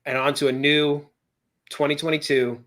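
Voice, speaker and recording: A man's voice: a little high, level tone, moderate pace, a bit bright. A man co-hosting a casual live show over a video call, groaning and gasping through a hot-sauce challenge. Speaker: co-host. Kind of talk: casual chat.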